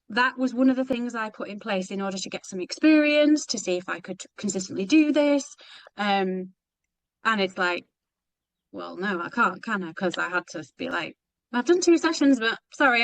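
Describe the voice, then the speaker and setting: An exhausted British woman sharing in a group coaching call, halting, rambling and self-deprecating. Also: mid-range voice, a bit bright, dry recording. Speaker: mentorship member.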